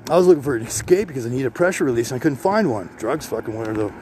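A man's voice: medium pitch, animated, rapid-fire, darkish tone. A man hosting a podcast, walking outdoors, preaching in a blunt, profane, rambling monologue with a congested, drippy voice. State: congested, coughing from sinus drip. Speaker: podcast host. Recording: faint street and vehicle noise.

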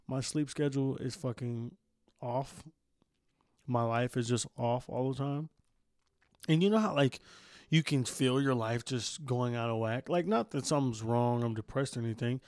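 A man's voice: mid-range voice, darkish tone, no echo, clean studio sound. A man hosting a casual solo podcast, rambling and groggy after just waking up, cussing a lot and stumbling over his words. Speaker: podcast host.

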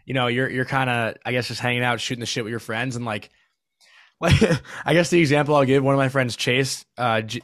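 A man's voice: mid-range voice, no room sound, clean studio sound. Rambling casual man on a podcast. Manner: rambling, filler-heavy, trails off softly. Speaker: podcast co-host. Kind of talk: casual chat.

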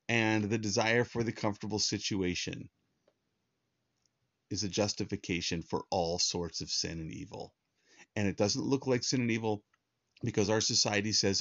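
Earnest low-voiced male pastor, dull dry sound. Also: no echo. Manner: earnest, plain-spoken, with many fillers and restarts. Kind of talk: conversational sermon.

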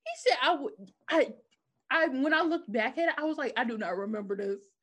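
A woman with a high-sitting voice chats casually, recapping a TV episode at a fairly quick pace. She tells it animatedly, acting out the characters' quotes in different voices.

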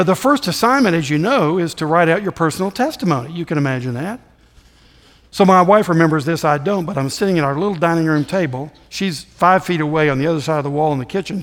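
A man's voice: high-pitched, long reverb tail. A man from the States, preaching a sermon and acting out the dialogue as he tells personal stories. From Southern United States. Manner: animated storyteller who acts out dialogue.

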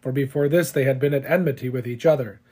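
A man giving a steady, solemn liturgical scripture reading. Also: medium pitch, quick pace, husky. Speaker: scripture reader.

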